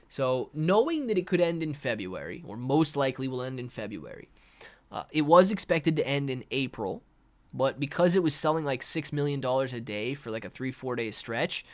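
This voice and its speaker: A young man hosts a live trading stream in a loose, chatty way. His voice sits at an ordinary middle pitch, and he flares up animatedly and sarcastically when something bothers him. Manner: animated, sarcastic rants, reads chat aloud. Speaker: livestream host. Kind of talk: casual live market commentary.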